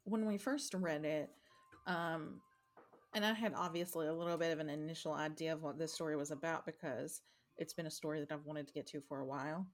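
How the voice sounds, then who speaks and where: A woman's voice: sits low, steady tone, fairly quick, faint music behind. A woman casually discussing a book, rambling with many fillers.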